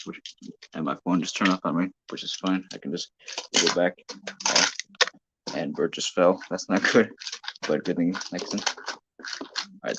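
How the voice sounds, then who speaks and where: A man's voice: low voice, background noise. A man filming toy trains at home, chatting casually on a phone live-stream and often correcting himself. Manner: rambling, self-correcting. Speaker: hobby toy-train filmmaker. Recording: dull lo-fi phone audio.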